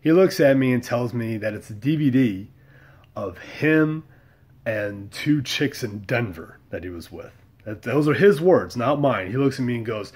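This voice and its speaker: A man's voice: medium pitch, expressive, unhurried, a little mellow, husky. Man, middle-aged, from the US, vlogger, casual storytelling, wry, blunt. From United States.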